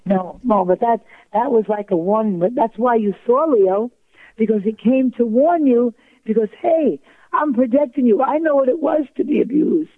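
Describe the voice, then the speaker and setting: A woman's voice: fairly high pitch, normal speed, no echo. An older woman calling in as a guest, telling stories with emphatic repetition. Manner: emphatic, repetitive, acts out quoted voices. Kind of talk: storytelling in a talk-show interview. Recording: tinny phone line.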